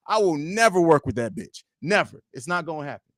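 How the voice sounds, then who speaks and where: This is a young male host running a laid-back fan livestream at home, where he reads chat comments and trash-talks profanely. His voice jumps in pitch, alternates between booming and mumbled, and moves a little fast. The recording is dry.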